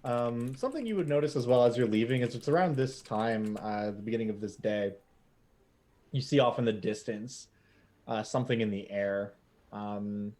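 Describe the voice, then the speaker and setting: A man narrating a tabletop role-play game as game master, in relaxed talk with many fillers. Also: mid-range voice, moderate pace.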